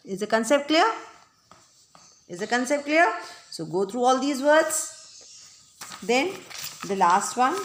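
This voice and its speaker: A woman teaching a grammar lesson, speaking slowly and deliberately, repeating her points and checking that her listeners understand. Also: on the high side, fairly bright tone. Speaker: English teacher. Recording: echoey room.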